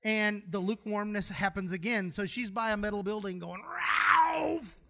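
A man delivers a sermon in a church. His voice sits high and bright. He jokes and tells homespun stories between verses. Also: steady tone, a little fast. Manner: folksy, humorous storytelling preacher. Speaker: pastor.

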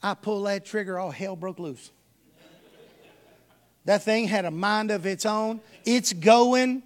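A man's voice: sits high, takes it slowly. A man from Texas, preaching a sermon full of folksy personal stories and calling his congregation y'all.

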